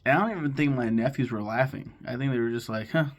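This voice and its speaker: A man in his thirties talking casually to camera, rambling and swearing as he retells plots and acts out lines. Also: mid-range voice. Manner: swears freely, rambles, acts out characters' lines in quick voices. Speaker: YouTuber ranking favorite cartoons.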